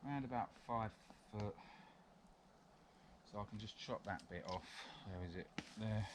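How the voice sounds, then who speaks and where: A man with a fairly low voice talks at a measured pace as he shows off bushcraft skills in a woodland setting. This vlogger is chatty and a little rambling, chuckling frequently, while outdoor noise carries in the background.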